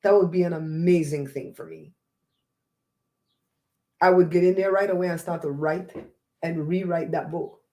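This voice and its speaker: Animated, preachy woman host, mellow tone. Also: fairly low pitch, moderate pace, long pauses. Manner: animated, preachy, laughs often. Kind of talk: casual livestream chat.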